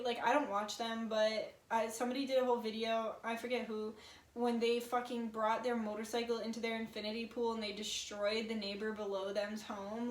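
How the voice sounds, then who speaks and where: A woman in her twenties giving a casual tarot reading, chatty and full of filler words and swearing. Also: on the high side. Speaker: tarot reader. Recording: echoey room.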